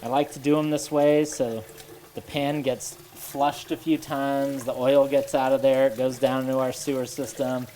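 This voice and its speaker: Very low-voiced woman, wry and rambling. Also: a little hiss or hum. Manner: wry, self-deprecating, deadpan asides; nervous, halting restarts. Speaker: cooking show host. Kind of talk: rambling casual monologue while cooking. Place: home kitchen. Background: running water and sizzling pan.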